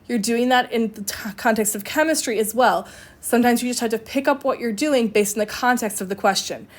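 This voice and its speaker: A woman's voice: on the high side, fairly quick. A woman chemistry instructor giving a recorded lecture, explaining step by step in a conversational way with fillers and self-corrections.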